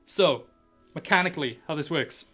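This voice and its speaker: A rambling game master. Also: male voice, mid-range voice, steady tone, unhurried, a bit bright, soft background music. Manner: rambling, laughs often. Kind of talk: narrating a tabletop game.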